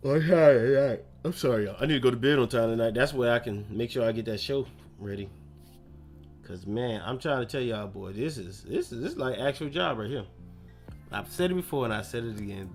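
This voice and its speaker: A young man chatting casually on his gaming live stream, loose and slangy, rambling between topics. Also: medium pitch. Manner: loose, slangy, rambling, lots of self-talk. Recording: faint music behind.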